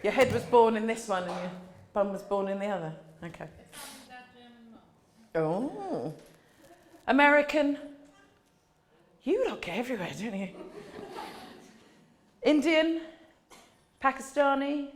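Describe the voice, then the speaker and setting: A woman gives a playful, joking talk at a conference, chatting back and forth with the crowd. Her voice sits fairly high and swings up and down with animated energy. The sound carries an echoey room tone from the conference hall. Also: takes it slowly, long pauses. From England. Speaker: conference speaker, doula.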